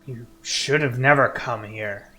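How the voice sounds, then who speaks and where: A man's voice: mid-range voice, takes it slowly, bright, forceful tone, faint music behind. A man playing a grim changeling villager. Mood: cold.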